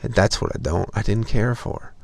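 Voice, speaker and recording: A man's voice: on the low side, moderate pace, gravelly, dry recording. A young man telling a profane, exasperated story as a podcast host in a casual comedic rant.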